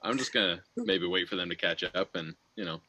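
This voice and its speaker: A man playing a tabletop game, casual and quick to laugh. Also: low voice, background noise. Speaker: player.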